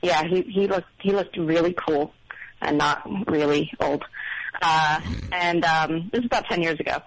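A woman's voice: sits low, moderate pace, no room sound, low-quality recording. A middle-aged woman calling in to a show, telling a story casually with many ums and self-doubt. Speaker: caller. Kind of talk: casual phone call story.

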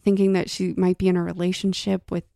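Brief: woman, low and very gravelly, dry close recording, casual book-club co-host. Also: level tone, quick pace, dark tone, dry recording. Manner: reads passages aloud, then chats loosely with fillers. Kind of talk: casual book chat with read-aloud passages.

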